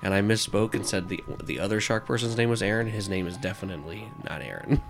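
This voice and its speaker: A man's voice: on the low side, quick pace, creaky, over music. A man running a tabletop role-playing game as game master, explaining and narrating in a loose, rambling way full of fillers and asides. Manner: rambling, filler-heavy explaining with frequent laughs.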